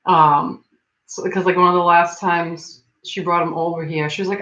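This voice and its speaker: This young woman's lowish, fairly bright voice stays steady at a moderate pace as she hosts a livestream, rambling with lots of "like" and frequent laughter. The dull, lo-fi recording has a little hiss or hum and room echo.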